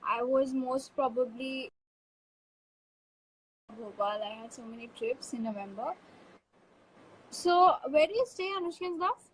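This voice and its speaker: A woman's voice: sits high, measured pace, long pauses, breathy edge, rough recording. A woman hosting a casual live stream, chatty and upbeat, reading fan comments aloud into a phone.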